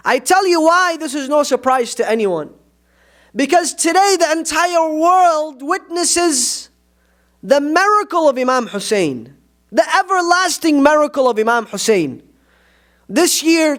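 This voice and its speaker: A man's voice: very high voice, fairly bright tone. A man preaching a sermon in a mosque, impassioned and full of rhetorical questions.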